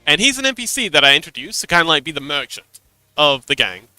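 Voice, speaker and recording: Bright, animated male game master. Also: a little high, fast, no echo. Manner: animated storytelling, laughs often. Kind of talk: casual livestream chat.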